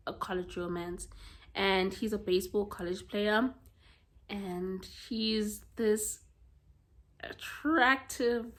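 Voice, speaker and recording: A South African woman with a South African accent, chatting casually about books she has read in a blunt, expressive way and swearing freely. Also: mid-range voice. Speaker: book vlogger. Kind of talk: casual book review chat.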